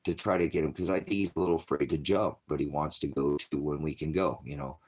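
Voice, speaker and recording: Deep voiced american guy rambling on a stream, lots of you-knows. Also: fairly even intonation, quick pace, darkish tone. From United States. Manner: rambling, loose, full of fillers and restarts. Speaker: channel host. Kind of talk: casual livestream chat.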